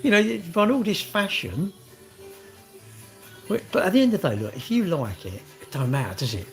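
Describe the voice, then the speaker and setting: A man's voice: fairly high pitch, very animated, a little fast, faint music behind. A middle-aged man, rambling in casual vlog chat, swearing and joking. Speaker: vlogger.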